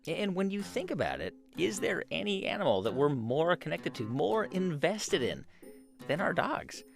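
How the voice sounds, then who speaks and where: A man's voice: on the high side, very animated, normal speed, gravelly, faint music behind. A man hosting a radio program, narrating and interviewing a guest in a conversational, probing way. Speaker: radio host.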